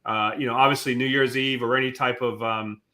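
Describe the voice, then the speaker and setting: Bright-voiced male host. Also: mid-range voice, a little fast. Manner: relaxed, explains at length with fillers like "you know". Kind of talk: casual interview chat.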